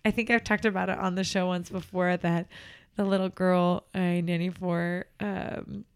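A woman's voice: lowish voice, level tone, moderate pace, clear, resonant tone. A woman who works as a nanny, chatting on a podcast and giving earnest advice with frequent ums and laughs. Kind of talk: casual podcast chat.

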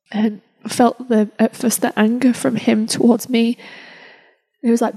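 A woman podcast host telling a personal story in an emotional, halting way, with many restarts. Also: mid-range voice, flat delivery, warm tone, poor audio.

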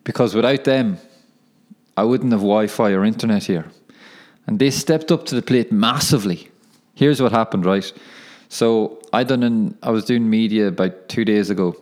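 A young man with a fairly low voice talks through a casual solo podcast, rambling and often correcting himself. He chuckles at his own slips and keeps things loose and unscripted. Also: normal speed, darkish tone. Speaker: podcast host and professional footballer.

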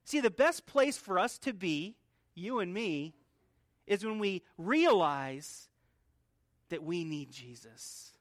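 A man's voice: high-pitched, sing-song, slow, no room sound, studio quality. A male pastor preaching an expository sermon in an earnest teaching manner, often restarting and repeating words. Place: church.

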